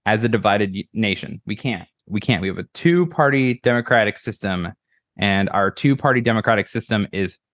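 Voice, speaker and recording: A man's voice: fairly low pitch, no room sound, studio quality. A man speaking as a guest on a podcast in casual chat, earnest and rambling, swearing and restarting his sentences.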